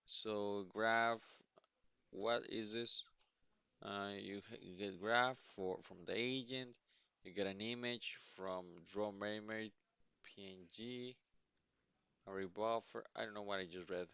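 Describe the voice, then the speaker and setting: A man live-streaming his coding, reading documentation aloud and musing with halting restarts; he sounds sleepy. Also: on the low side, steady tone, sharp tone, smooth, no room sound, dull audio. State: sleepy, yawning. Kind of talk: thinking aloud while reading docs.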